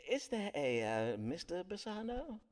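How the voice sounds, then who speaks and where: A man's voice: sits high, sing-song, measured pace. An actor playing a wordy, evasive male Elizabethan astrologer in a game, talking in formal old-fashioned speech. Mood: pompous. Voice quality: archaic formal diction, hesitant fillers. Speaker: Elizabethan astrologer physician Foreman. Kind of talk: period game voice acting.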